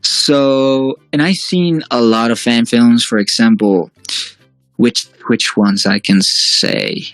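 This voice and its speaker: A man chatting as a guest, often pausing to restart his thoughts and hedging as he goes. His voice sits dry and close, with faint music in the background. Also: medium pitch, no echo, rough recording. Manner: hesitant, full of fillers and restarts. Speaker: guest, fan-series creator. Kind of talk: casual interview chat.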